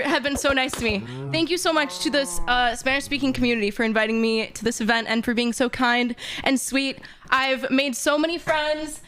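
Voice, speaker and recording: A woman's voice: high voice, brisk, hardly any pauses, a bit bright. A young woman streaming a game, talking emotionally and gushing thanks to her viewers with laughter. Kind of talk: live game stream chat. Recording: game music behind voice.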